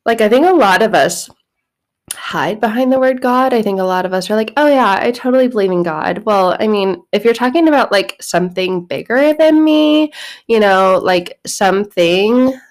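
Woman, podcast host, casual spiritual talk, chatty, animated, acts out quotes, laughs, swears now and then. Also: medium pitch, moderate pace.

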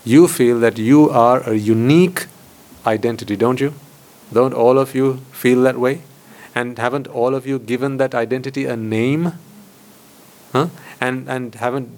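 Monk, male, mid-pitched, rhetorical teaching talk with repeated phrases. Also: a little mellow. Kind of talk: dharma talk to lay audience. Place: hall with board.

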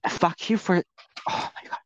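A man's voice: measured pace, no room sound, muffled recording. A man co-hosting a casual commentary chat, ranting with lots of profanity and rising anger.

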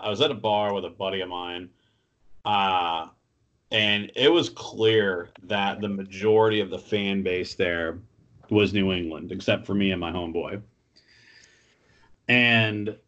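A man's voice: fairly low pitch, steady tone, a little slow, long pauses, fairly bright tone, dull audio. A man co-hosting a sports talk show, casual and profane, telling a story.

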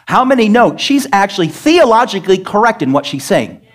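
Lively, questioning preacher in a sermon. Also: mid-range voice, brisk. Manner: emphatic, rallies the congregation with questions. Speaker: pastor. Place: church service.

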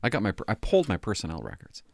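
A man's voice: lowish voice, huge pitch swings, racing, gravelly, no echo, clean studio sound. Rambling man telling a story. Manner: rambling, self-interrupting, laughs at his own story. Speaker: former police cadet telling stories. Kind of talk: casual storytelling monologue.

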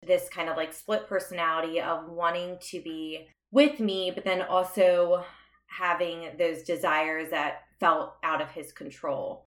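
Candid personal storytelling comes from a young adult woman on a podcast, her fairly low voice steady, measured and a bit bright. She is earnest and introspective, with occasional laughter, recorded in a room with noticeable echo.

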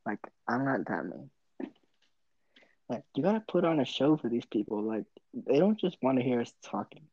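A young woman with an unusually low, deep voice, talking in a teasing, joking way during a relaxed chat. The sound is dull and lo-fi, with a dry close mic. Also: husky, dry recording. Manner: teasing, joking, quick to laugh. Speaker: podcast host. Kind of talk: casual chat.

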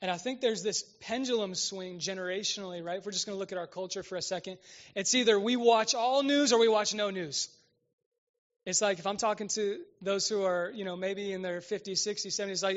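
A man's voice: high voice, fast, fairly bright tone, lo-fi sound. A man in his late twenties preaching a sermon as pastor, talking conversationally and often checking in with the audience.

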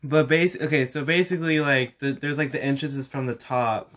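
A young man guesting on a casual podcast, telling a story in a relaxed, hesitant way with many "like"s. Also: medium pitch, fairly quick. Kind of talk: casual chat.

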